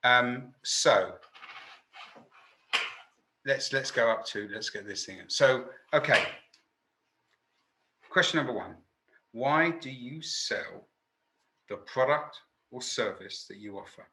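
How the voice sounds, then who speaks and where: A man's voice: mid-range voice, animated, slow pace, long pauses, sharp tone, reverberant, slight background noise, poor audio. A man who works as a sales trainer, hosting a webinar in a chatty, jokey, self-deprecating way. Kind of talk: casual webinar talk.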